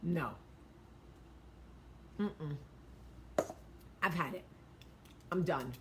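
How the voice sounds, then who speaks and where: A woman in her forties hosting a vlog, giving blunt, profane, animated advice talk. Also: deep voice, very slow, background noise. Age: 40s. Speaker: vlog host.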